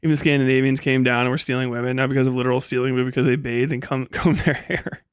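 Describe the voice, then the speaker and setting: A man's voice: mid-range voice, steady tone, fast talker, clean tone, dry recording, studio quality. A man chatting casually on a livestream, laid-back, swearing often and laughing between remarks. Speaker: streamer.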